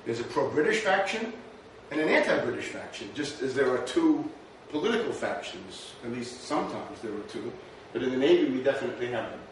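Barely pausing, a man with a mid-range, expressive voice rushes briskly through a history lecture in a conversational, rhetorical way, often saying "right?". The very echoey lecture-room recording uses a distant mic and carries faint noise.

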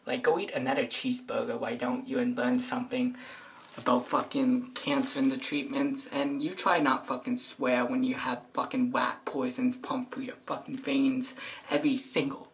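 A teenage girl vlogging at home with a strikingly low voice. She rants in a brash, boastful, profane way, jittery and excitable. Now and then she drops into a hushed whisper. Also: slight background noise. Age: teens. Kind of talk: casual vlog rant.

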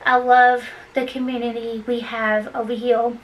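Out of breath as she cleans, a Kentucky woman rambles encouragingly to her viewers in a casual vlog. Her voice is a little high, with a level tone and measured pace, captured roughly by a distant mic.

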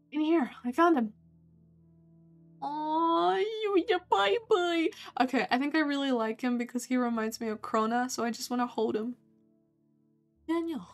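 A young woman streaming a game, talking casually and swearing freely, with loud outbursts at enemies. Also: high voice. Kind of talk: casual gameplay commentary. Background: faint game music.

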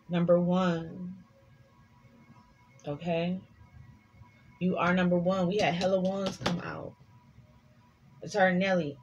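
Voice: medium pitch, steady tone, unhurried, pauses often, lo-fi sound, slight background noise. A tarot reader giving a casual collective reading, chatty and sassy, swearing freely and rambling between the cards.

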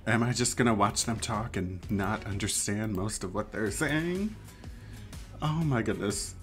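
A host reacting to a music video, excitable and gushing, often laughing and squealing. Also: mid-range voice, a little slow. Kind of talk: casual reaction commentary. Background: music video playing.

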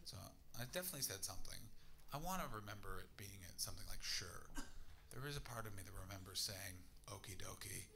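A young man from Canada doing a brash stand-up set, muttering asides and then shouting at the crowd. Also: on the low side, lively intonation, fast, heavy background noise. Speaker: stand-up comedian. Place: comedy club in front of a laughing audience.

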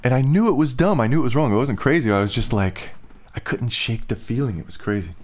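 A man's voice: mid-range voice, expressive, fast. A young man rambling casually in a vlog, with slightly slurred speech and lots of filler "like"s. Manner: loose, filler-heavy talk with "like". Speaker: musician and vlogger.

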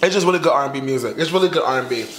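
Full from his meal, a young vlogger keeps up sassy, chatty mukbang talk, stretching out his slang. The voice is medium in pitch and fairly bright, in a roomy space with slight background noise.

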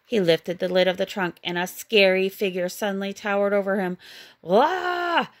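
A woman reading a children's bedtime storybook aloud in a gentle, expressive way. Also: medium pitch, brisk. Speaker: storybook reader.

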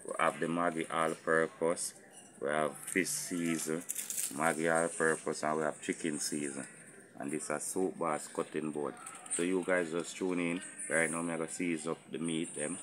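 A man with a Jamaican accent hosting a casual outdoor cooking vlog, talking to viewers in a relaxed, patois-flavoured way. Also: very deep voice, normal speed, a little hiss or hum. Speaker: cooking channel host. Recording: sizzling pots and clatter behind. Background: frying sizzle and pot clatter.

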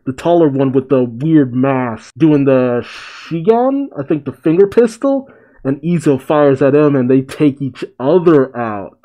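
A man's voice: medium pitch, dark tone, low-quality recording. A young man casually reading a comic chapter aloud and reacting to it, laughing and lightly voicing the characters. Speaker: manga reaction host.

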